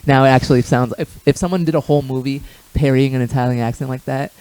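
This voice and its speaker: Blunt swearing man with a mellow voice. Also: mid-range voice, fairly even intonation, fast talker, clean tone, poor audio. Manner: blunt, swears freely, repeats himself. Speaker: podcast co-host. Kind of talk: casual chat.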